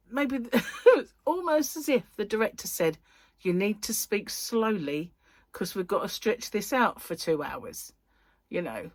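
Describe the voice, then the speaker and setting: A woman's voice: mid-range voice, darkish tone, no echo. A woman hosting a crochet vlog, chatting in a rambling, giggly way. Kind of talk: casual chat.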